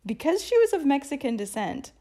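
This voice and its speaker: A woman's voice: sits high, a little fast. A woman from the United States co-hosting a podcast in easy, casual chat. She tells anecdotes with animation and laughs often along the way. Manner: animated storyteller, laughs easily. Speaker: podcast co-host. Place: lives in Rome.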